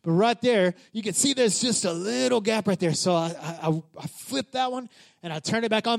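A man preaching in a church, telling a story in a chatty, animated way, with many filler words. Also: high voice, a little fast, creaky. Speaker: pastor. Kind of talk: sermon told as a casual story.

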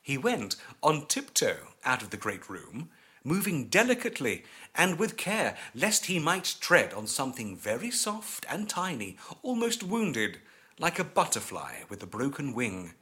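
A man narrating an eerie story as an audiobook, with measured and expressive storytelling. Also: medium pitch.

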